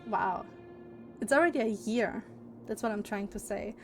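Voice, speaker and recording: A woman's voice: mid-range voice, normal speed, faint music behind. A young woman streamer chatting casually and candidly, opinionated and swearing freely. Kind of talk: casual livestream chat.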